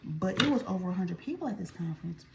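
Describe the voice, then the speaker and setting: A woman's voice: fairly low pitch, expressive, fast talker, gravelly, noisy background. A woman vlogger telling a story in a chatty, casual way while she eats, speaking straight to her viewers. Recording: echoey room.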